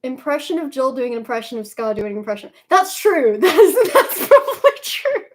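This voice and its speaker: A woman's voice: high-pitched, very animated, moderate pace. A young woman streaming live in casual chat, playful and laughing often.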